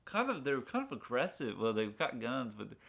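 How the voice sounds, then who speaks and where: This podcast co-host has a medium-pitched, sing-song voice that's brisk, fairly bright and slightly rough, with vocal fry. He casually recaps a TV pilot, rambling with plenty of fillers and performing bits of dialogue.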